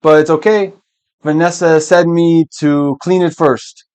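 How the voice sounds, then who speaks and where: Man doing a flustered apologetic office guy, a bit higher and louder, hurried, eager to please. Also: fairly even intonation, natural voice.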